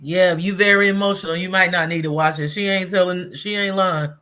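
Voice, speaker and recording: A woman's voice: lowish voice, steady tone, a bit bright. Brief: chatty reaction host, woman, hesitant and repetitive. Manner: halting, repeats words. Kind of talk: casual commentary.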